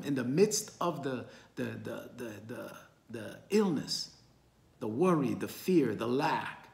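A man's voice: mid-range voice, lively intonation, unhurried, vocal fry, echoey room. A man teaching a Bible study in an earnest, encouraging way, often calling his listeners friends.

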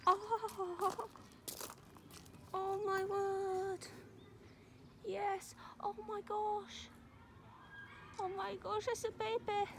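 A woman's voice: very high voice, level tone, extremely slow, pauses often, slight background noise. A woman vlogging outdoors at a wildlife park, gushing and cooing at the animals in baby talk. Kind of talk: casual vlog commentary.

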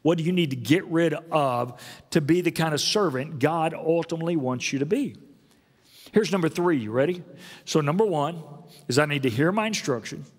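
Man preaching in a reverberant church. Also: animated. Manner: earnest preaching, rises high and loud for emphasis, drops low and slow. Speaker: senior pastor. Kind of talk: sermon. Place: church auditorium.

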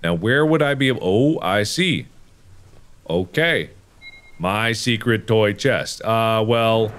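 A young adult man giving let's-play commentary, reacting to a horror game with excitable, exclamatory outbursts. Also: lowish voice, takes it slowly, a little hiss or hum. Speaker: gaming video host.

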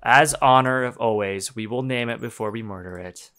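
A man's voice: mid-range voice, moderate pace, smooth. A young man casually commenting on his own gameplay, swearing freely, laughing often and getting worked up. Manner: profane, excitable, laughs often. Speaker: game streamer.

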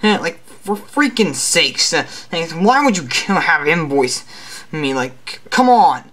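A man's voice: fairly high pitch, very animated, a little slow, pushed and bright, heavily acted. A man playing a vain, irritable superhero in a comedy web sketch, rambling with lots of fillers. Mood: annoyed. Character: grumpy male superhero, vain and bossy.

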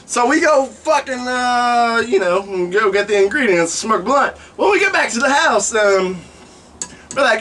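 Pitched extremely high and speaking at normal speed, this man tells comic stories in a vlog, cursing liberally and playing out each character with animated, profane flair. The recording comes from a distance.

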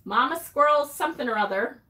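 Speaking briskly in a high, expressive voice with a sharp tone, a North Carolina woman runs a witchy livestream. She reads comments and casually chats with and teases her viewers, laughing a lot.

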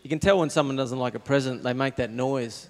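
A man with an Australian accent telling a stand-up comedy routine in a laconic, deadpan way, acting out little voices. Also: medium pitch, brisk, long reverb tail, heavy background noise. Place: stage before a live audience. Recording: live show with loud crowd laughter. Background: loud audience laughter.

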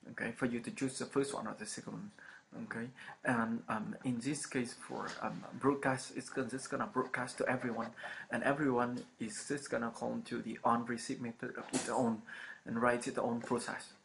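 The speaker is a man teaching programming in a screen-recorded lecture, his mid-range voice gravelly and flat. He hesitates often, saying um, repeating himself and dropping in frequent okays, all captured on a noisy home recording.

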